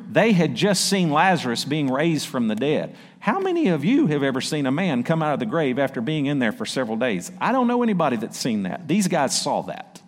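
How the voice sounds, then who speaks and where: Pastor preaching in a reverberant church. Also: male voice, mid-range voice. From South Arkansas. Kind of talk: sermon. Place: church sanctuary. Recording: long church-hall reverb.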